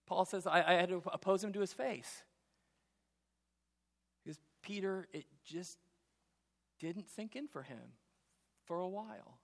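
A man preaching a sermon as pastor, in a conversational way that slips into quick impressions of biblical characters. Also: sits high, creaky. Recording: long reverb of a large hall.

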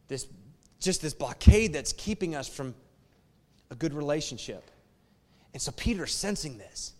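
A man's voice: fairly high pitch, animated, unhurried, long pauses. A man preaching a sermon in an emphatic, conversational way and often appealing directly to his listeners. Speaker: pastor. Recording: long reverb of a large hall.

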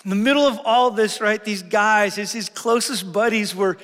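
A middle-aged man preaching a sermon as pastor, telling a personal story with earnest feeling, going from loud and bright to hushed and quiet. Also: high voice, moderate pace, long reverb tail.

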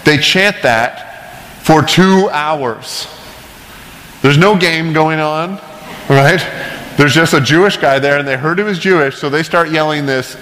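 A man's voice: a little high, fairly bright tone. Chatty male pastor in echoing hall. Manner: chatty, self-deprecating asides with frequent "right?" and "like". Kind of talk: casual conversational sermon.

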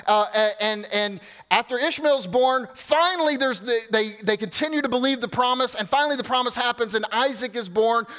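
A man preaching a sermon as pastor, in an animated, conversational way with asides to the congregation. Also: high-pitched, big-room sound.

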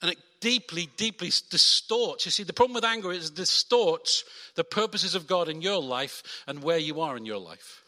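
A man preaching a sermon from the front, animated and lively, acting out quoted voices. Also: a little high, moderate pace, hardly any pauses. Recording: long hall reverb.

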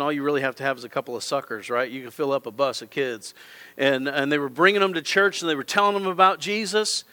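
A man's voice: on the high side, pushed and bright. A middle-aged male pastor preaching a sermon in a church auditorium, with impassioned, repetitive appeals straight to his congregation.

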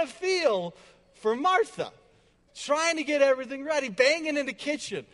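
Male pastor, high voice, emphatic sermon delivery with chatty asides, echoey hall. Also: animated, moderate pace, fairly bright tone. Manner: emphatic, repetitive, with conversational asides. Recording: long hall reverb.

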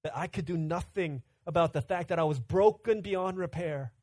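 A man in his thirties preaching a sermon, telling stories conversationally and swinging from loud urgent bursts to hushed quiet. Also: fairly high pitch, normal speed, no room sound. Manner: storytelling, conversational. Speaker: pastor.

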